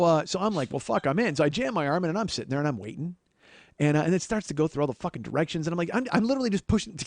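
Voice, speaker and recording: A man's voice: high-pitched, no echo. A man hosting a comedy podcast, telling a story as an exasperated, profane monologue. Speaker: podcast host.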